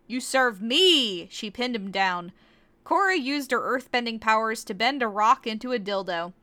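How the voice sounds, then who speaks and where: A woman's voice: on the high side, animated, normal speed, pushed and bright. A woman podcast host doing a mock-serious comic reading of fan fiction, with giggly asides.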